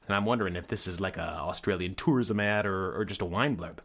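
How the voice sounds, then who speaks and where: A man's voice: low-pitched, quick pace, vocal fry, hardly any pauses, fairly bright tone. A man casually reviewing cheap wines, with a dry, wry and sarcastic manner. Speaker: wine reviewer.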